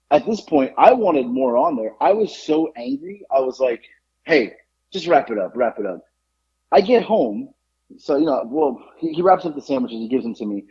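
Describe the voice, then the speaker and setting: Husky man telling an exasperated story. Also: fairly high pitch, dark tone. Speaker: podcast host. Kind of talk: casual chat, storytelling. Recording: dull lo-fi podcast audio.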